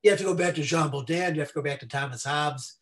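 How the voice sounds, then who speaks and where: Over a video call, a man joins a seminar discussion as an invited scholar, rambling through asides and restarting his sentences. He talks fast at a fairly high pitch.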